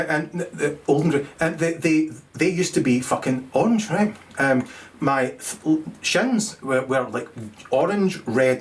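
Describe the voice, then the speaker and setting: A middle-aged man, doing a rambling, crude stand-up monologue, full of swearing and stumbling restarts, laughing at his own jokes. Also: fairly high pitch. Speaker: comedian.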